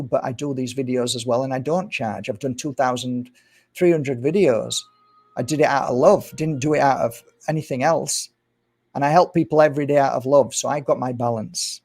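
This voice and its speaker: A man's voice: mid-range voice, darkish tone. A man talking casually to camera as a spiritual teacher, rambling and telling stories with acted-out dialogue. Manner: rambling storyteller, acts out quoted dialogue.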